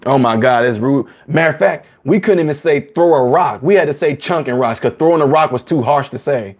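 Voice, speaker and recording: A man hosting a live chat stream, talking casually to viewers and acting out quotes in higher voices. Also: a little fast, slightly rough, dull audio. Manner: animated, acts out quotes in higher voices, laughs often.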